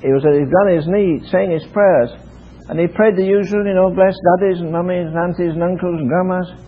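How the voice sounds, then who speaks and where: A man's voice: sits high, fairly even intonation, brisk, slightly rough. An older British man preaching a sermon, telling stories and urging his listeners in an emphatic way. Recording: tinny lo-fi archive tape.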